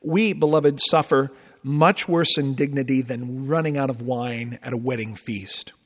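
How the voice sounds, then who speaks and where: A male pastor delivers a sermon in a church, his voice sitting a little higher than most men's. He preaches expressively, with sudden emphatic lifts and casual asides to the congregation. A long reverb hangs on every phrase. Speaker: Lutheran pastor. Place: church sanctuary.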